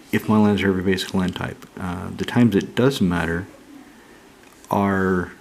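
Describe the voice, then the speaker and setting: A man with a low, gravelly voice rambles and thinks aloud in a casual home chat, dropping the odd swear word. Running water can be heard clearly behind him. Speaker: channel host opening card mail. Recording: noisy room with running water.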